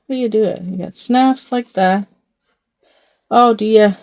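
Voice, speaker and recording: With a fairly high, darkish voice, an older woman speaks at a measured pace and pauses often while dressing a doll for her channel. Her casual chat wanders and loops back, punctuated by chuckles and self-teasing.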